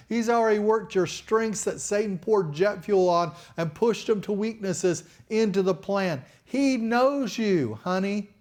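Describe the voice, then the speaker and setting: A man preaching a sermon to a congregation in an earnest, folksy way, often repeating words as he goes. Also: high-pitched.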